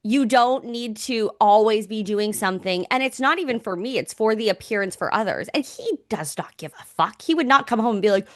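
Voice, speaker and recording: A woman's voice: fairly high pitch, expressive, a little fast, few pauses, no room sound, studio quality. A young woman co-hosting a podcast in casual chat, frank, with mild swearing and constant "like". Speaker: podcast co-host.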